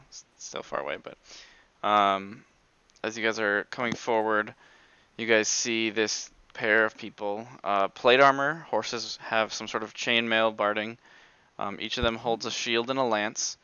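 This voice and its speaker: A man's voice: fairly low pitch, pushed and bright, clear, resonant tone, no room sound, lo-fi sound. A man running a tabletop game as game master, narrating casually with many fillers.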